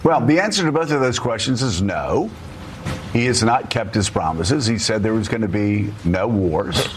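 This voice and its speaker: A man's voice: lowish voice, lively intonation, normal speed, slight background noise. A man hosting a political talk show, speaking emphatically and rambling with frequent restarts. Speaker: host.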